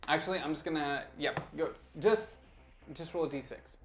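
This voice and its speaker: A man as game master of a tabletop role-playing game, giving rulings in an easygoing, halting way. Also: a little high, slight background noise.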